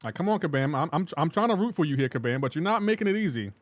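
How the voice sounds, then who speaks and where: A man's voice: a little high, animated, very fast, no echo. Exasperated streamer man, dry close sound. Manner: exasperated ranting, repeats himself. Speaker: game streamer. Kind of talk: live-stream commentary reading chat.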